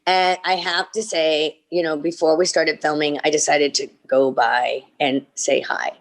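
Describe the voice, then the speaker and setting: A woman, an actress guest on a video-call panel, telling an animated story and acting out the dialogue with big jumps in pitch and many restarts. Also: measured pace.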